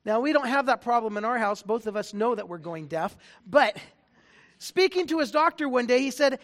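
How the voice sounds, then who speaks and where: A man's voice: very high voice, expressive, normal speed, a bit bright. A male pastor giving a conversational sermon in a church, joking and often restarting his sentences. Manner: conversational, jokey, frequent restarts.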